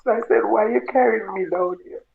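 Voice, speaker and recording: A Jamaican woman, a grieving mother, telling her story in a halting, tearful way and repeating her words. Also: medium pitch, vocal fry. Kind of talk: emotional personal testimony. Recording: tinny phone-like sound.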